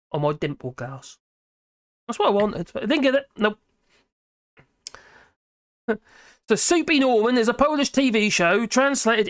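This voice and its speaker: Chatty live-stream host. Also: mid-range voice. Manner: chatty and scattered, reacting aloud to comments. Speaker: live-stream host reading viewer chat. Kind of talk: casual live-stream chat.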